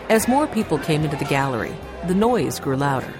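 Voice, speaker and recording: A woman reading a children's mystery aloud as an audiobook narrator, in a calm, even storytelling manner. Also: sits low, brisk, few pauses. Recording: background music under narration.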